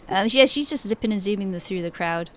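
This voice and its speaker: A woman's voice: medium pitch, slight background noise. A woman narrating a tabletop game as game master, casual and giggly.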